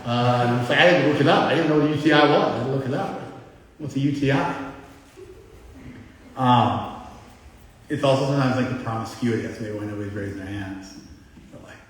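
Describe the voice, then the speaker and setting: A middle-aged man gives a blunt, conversational spiritual lecture and keeps putting questions to his class. His voice sits at an ordinary pitch. It carries long reverb from a big hall and is picked up from some distance. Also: quick pace. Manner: blunt, conversational, quizzes the audience. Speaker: spiritual teacher. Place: large hall with a live audience.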